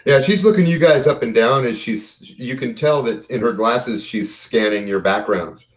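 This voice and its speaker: A man narrating as game master of a tabletop game, in relaxed descriptive narration. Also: medium pitch, moderate pace, low-quality recording.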